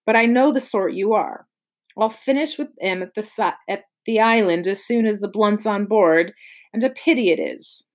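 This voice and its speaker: Woman doing a gruff pirate cook, scheming, coaxing, rough sailor talk. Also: mid-range voice, moderate pace, close to an everyday voice. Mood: scornful.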